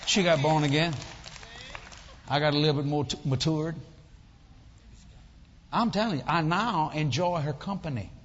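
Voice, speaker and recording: A man preaching a sermon, telling a family story in an animated, comic way. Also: a little high, moderate pace, long pauses, big-room sound, lo-fi sound.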